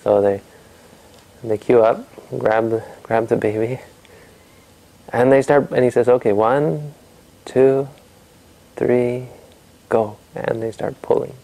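A man's voice: mid-range voice, flat delivery, measured pace, gravelly, long pauses, dark tone, rough recording. A man telling a traditional story to a family audience in a conversational way, asking his listeners questions and often restarting his sentences.

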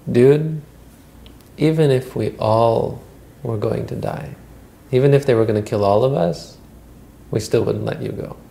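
A man's voice: mid-range voice, takes it slowly, creaky, a little mellow. A man voicing a group of protective monks who speak emphatically and casually. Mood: emphatic.

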